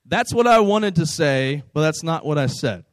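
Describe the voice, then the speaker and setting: A man's voice: on the high side, expressive, moderate pace, no echo. A young man, a youth pastor, telling a personal story to a youth group in a casual, conversational way, often checking in with "right?".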